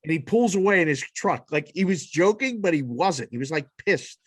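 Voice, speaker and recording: A man hosting a casual sports podcast, leading the banter in an animated, profane way. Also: fairly high pitch, normal speed, no echo. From lives in Las Vegas. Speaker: podcast host.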